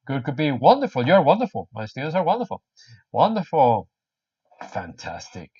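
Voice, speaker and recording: Man, English teacher, lively and jokey with learners, swoopy pitch, dull lo-fi audio. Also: a little fast, slightly rough. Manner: animated, jokey, repeats words for learners. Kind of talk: online English lesson. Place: home or small room in Spain.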